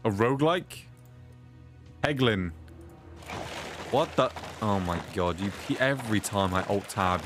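Swearing British streamer chatting over gameplay. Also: male voice, lowish voice, expressive, a little slow, long pauses, over music. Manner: swears often, reads chat aloud, blurts reactions. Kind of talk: casual gameplay chat.

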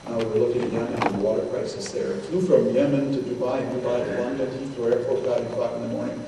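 An older male guest lecturer with a medium-pitched, creaky voice talks fast with fairly even intonation. He gives a storytelling lecture in a synagogue hall, chatty and conversational, quoting people in dialogue; the recording is noisy, echoey, and captured from a distant mic.

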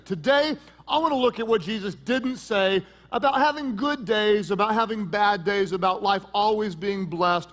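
A middle-aged man preaching a sermon as pastor, joking and lively, with sudden loud peaks. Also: high voice.

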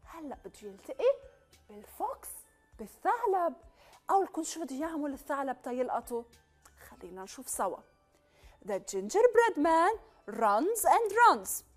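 A woman reads a children's story aloud as a teacher, coaxing and asking the little listeners questions. Her voice is very high and lively, rising and falling a lot. Faint music plays underneath. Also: very fast.

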